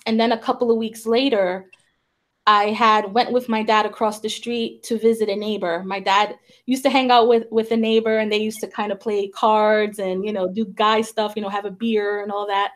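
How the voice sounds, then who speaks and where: In a mid-range, flat voice at a moderate pace, a talk show host and psychic medium tells a personal story casually. Her chat is thick with fillers such as "like" and "you know," and she voices the people she quotes.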